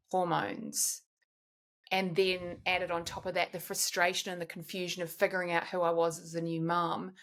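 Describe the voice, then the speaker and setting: A woman's voice: fairly low pitch, fairly bright tone. A woman in her forties, a guest in a candid podcast conversation, talks in a reflective way and often restarts while she searches for words.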